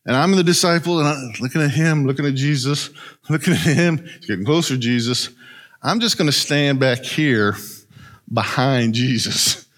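A man preaching a sermon, retelling a story in an animated way and often asking "right?". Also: medium pitch, normal speed. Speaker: pastor.

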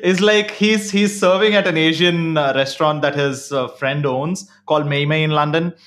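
A man co-hosting a podcast, telling stories in a lively way and laughing often. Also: on the high side, moderate pace. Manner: animated storyteller, laughs often. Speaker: podcast co-host. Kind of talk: casual chat.

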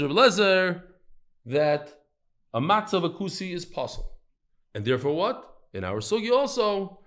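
A man teaching a lively Talmud class to a live audience, quizzing his listeners and telling stories as he goes. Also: fairly high pitch. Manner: animated, storytelling, quizzes the listeners.

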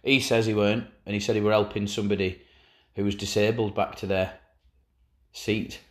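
A man's voice: lowish voice, level tone, brisk. A man co-hosting a casual chat, telling wry, sweary anecdotes. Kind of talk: casual banter.

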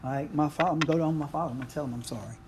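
A man's voice: a little high, very fast, background noise. A middle-aged man, preaching a conversational sermon full of asides and questions to the congregation. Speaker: pastor.

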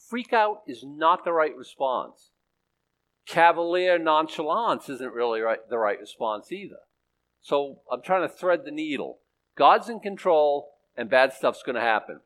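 A pastor preaches a sermon, swinging between loud urgency and hushed softness and often repeating and restarting phrases. His voice is a little high, and the audio is poor.

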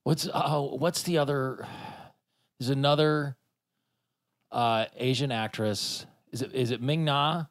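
A man hosts a podcast in a loose, rambling chat, laughing often. His voice is medium-pitched and steady, and he speaks slowly.

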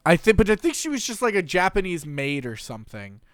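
Smooth-voiced man in casual chat. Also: sits high, big pitch swings, fairly quick, fairly bright tone, dry recording, clean studio sound. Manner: loose, self-mocking, laughing.

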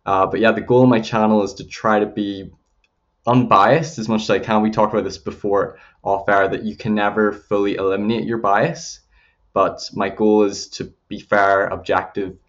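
Low-voiced Northern Irish man. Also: level tone. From Northern Ireland. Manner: earnest, measured, frequent fillers. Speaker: guest, YouTube channel creator. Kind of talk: casual interview conversation. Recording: slightly dull lo-fi audio.

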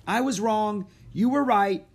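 A man voicing an eager, bold young girl who talks in bubbly, excited bursts. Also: on the high side, normal speed, gravelly, slightly rough, pitched above the performer's own voice, heavily acted. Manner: excited, bubbly, shouting gladly.

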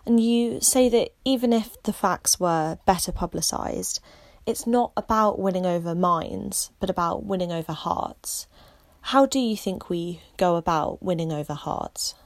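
A woman interviewer asking clear, measured questions. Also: on the low side.

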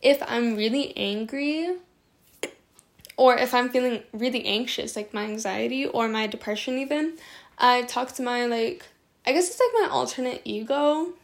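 A woman's voice: fairly high pitch, normal speed. A young woman hosting a podcast, talking casually and affectionately to her listeners, rambling with lots of filler words. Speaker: podcast host. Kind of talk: casual podcast talk on self-soothing.

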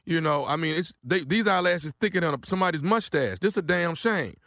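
A man's voice: fairly high pitch, expressive, a little fast, fairly bright tone, dry recording, clean studio sound. A man calling in angrily, blustering and repeating the same complaint over and over. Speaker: angry caller. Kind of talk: ranting phone call.

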